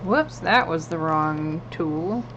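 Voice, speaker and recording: A woman's voice: low voice, lively intonation, slow pace, dull audio, background noise. A woman streaming her drawing, chatting casually and muttering to herself while she works. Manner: soft-spoken, distracted, mutters to herself while working. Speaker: artist streaming a drawing session.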